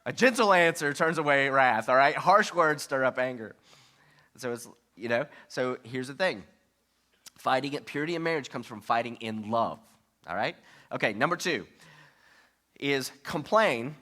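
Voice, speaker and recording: A man's voice: mid-range voice, expressive, moderate pace, bright, forceful tone. A man pastor delivering a sermon in a conversational way, often checking in with the congregation and acting out example quotes. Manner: acts out sample quotes in shifting voices.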